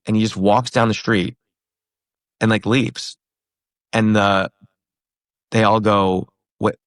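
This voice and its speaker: A comedian in his thirties telling a story in a casual interview, animated, acting out the other people in it. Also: fairly low pitch, moderate pace, long pauses, dry recording. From New York and Pennsylvania. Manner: animated, acts out quoted voices. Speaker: comedian guest.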